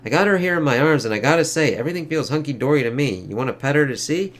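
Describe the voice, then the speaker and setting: A folksy, easygoing grown man who dotes on his wife, as a man reads him from a comic. The voice sits at a middle pitch and stays loose and warm-hearted in its words. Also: lively intonation, rapid-fire, lightly acted. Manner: folksy and affectionate. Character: gruff, affectionate adult man with a casual folksy manner.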